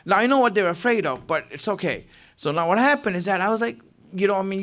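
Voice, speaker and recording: A man's voice: sits high, very animated, fairly quick, fairly bright tone. A middle-aged male preacher giving a Ramadan lecture in a conversational way, asking rhetorical questions and often saying "you know".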